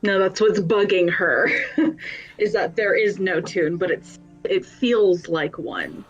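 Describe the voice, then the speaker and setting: Slow-spoken young woman player. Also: lowish voice, muffled recording, faint music behind. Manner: hesitant, thoughtful, drawn-out. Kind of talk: playing a tabletop game.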